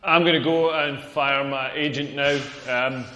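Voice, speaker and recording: A man's voice: medium pitch, fairly even intonation, measured pace, bright, forceful tone, slight background noise. A Scottish man doing a stand-up comedy set on a club stage, ranting through brash, rambling punchlines. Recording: echoey club hall reverb.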